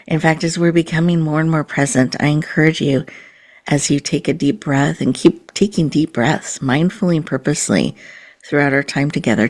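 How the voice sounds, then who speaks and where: A woman podcast host leading a guided mindfulness meditation in a slow, soothing, inviting way. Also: sits low, a little mellow.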